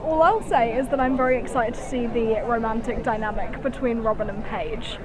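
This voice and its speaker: A young woman vlogging casually about a theatre trip, excitable and rambling, filming herself on a phone. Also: fairly high pitch, brisk, crowd noise. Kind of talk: casual chat to camera. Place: theatre auditorium and lobby. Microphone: phone held for self-filming.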